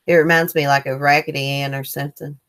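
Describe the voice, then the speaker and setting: Woman, low voice, easygoing live-chat host, reads comments aloud. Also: flat delivery, quick pace, fairly bright tone. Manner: loose, rambling with fillers. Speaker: livestream host.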